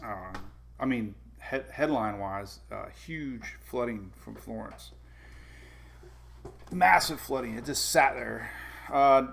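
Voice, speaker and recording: Gravelly guy hosting a weather stream, chatty and rambling, keeps correcting himself. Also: medium pitch, animated, unhurried, a bit bright, a little hiss or hum. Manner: rambling, self-correcting, chuckles often, reads viewer comments. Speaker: weather show host. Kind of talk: casual livestream chat.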